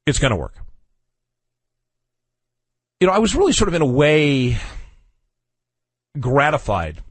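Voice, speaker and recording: A male radio talk show host with a mid-range voice that swings widely in pitch. He talks in a casual, wry and opinionated way, dropping in chuckles and asides. The studio sound is dry and close. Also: wildly swooping pitch, a little slow, long pauses, husky, no room sound.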